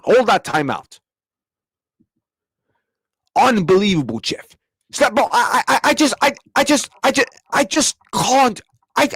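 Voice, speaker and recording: This young man's high voice is a bit bright and husky, captured at studio quality with no echo. Streaming his reaction to a football match, he angrily rages at the game and argues with his chat, cursing and saying the same things over and over.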